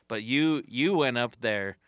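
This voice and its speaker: A man hosting a comedy podcast in a bright, forward voice. He is chatty and enthusiastic, quick to laugh. The sound is close and dry. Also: mid-range voice, dry recording. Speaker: podcast host. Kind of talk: casual podcast chat.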